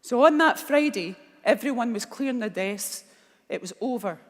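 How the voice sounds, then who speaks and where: A woman's voice: a little high, expressive, normal speed. A woman with a Glaswegian accent giving a motivational speech, telling a personal story candidly and with emotion. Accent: Scottish, Glaswegian. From Scotland. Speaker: keynote speaker. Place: large conference hall. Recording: long reverb of a large hall.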